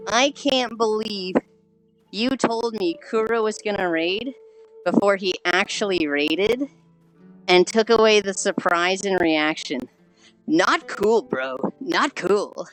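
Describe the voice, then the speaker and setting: A woman streaming while she walks on a treadmill, sounding squeaky and chipmunk-like through a failing headset mic, sighing often and swearing casually as she greets viewers. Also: takes it slowly, faint music behind, rough recording. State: walking on a treadmill while talking. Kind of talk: casual live-stream chat.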